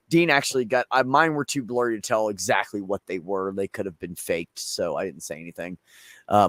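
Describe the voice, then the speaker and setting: Recorded dry with clean studio sound, a medium-pitched Pennsylvanian co-host wanders through a profane anecdote in casual conversation. He loosely acts out the other people's voices with plenty of animation.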